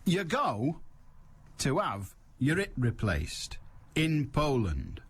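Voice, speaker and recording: Older Mancunian phone-in host, wry comic patter, animated delivery. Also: male voice, mid-range voice, slow pace, breathy edge. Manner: wry, teasing, laughs at his own jokes. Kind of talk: comic radio monologue. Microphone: studio microphone.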